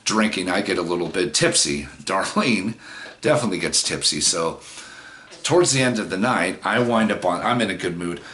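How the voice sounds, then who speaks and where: Low-voiced man telling a rambling story. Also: animated, normal speed, a bit bright, a little hiss or hum. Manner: rambling, profane, many fillers. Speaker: vlogger. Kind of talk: casual storytelling.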